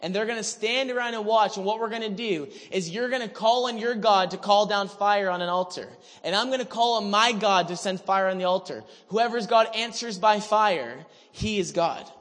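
A man's voice: high voice, moderate pace, hardly any pauses, fairly bright tone. A preacher voicing a cocky, defiant male prophet who taunts his rivals in a self-assured way. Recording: reverberant hall.

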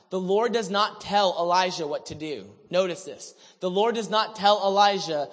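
A male pastor preaching a sermon with animated, dramatic storytelling. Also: sits high, normal speed, hardly any pauses. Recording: reverberant hall.

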